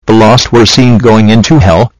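Male reader of a religious book, measured and steady, lower register. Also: dry recording, low-quality recording. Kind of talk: reading a religious book aloud.

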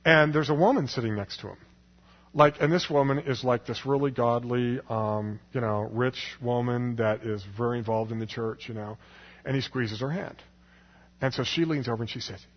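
A man with a husky voice tells a personal story to a live audience, chatty and quick to laugh. He acts out the people in the story as he goes. His voice rings through a large hall on a dull, lo-fi recording. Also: medium pitch. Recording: long hall reverb, dull lo-fi sound.

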